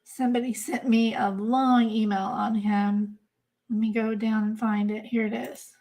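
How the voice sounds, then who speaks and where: Exasperated woman ranting on a livestream, slow-paced. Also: on the high side, level tone, dark tone. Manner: emphatic and exasperated, repeats herself. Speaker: host of a crime-case channel. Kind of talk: casual livestream commentary, replying to chat.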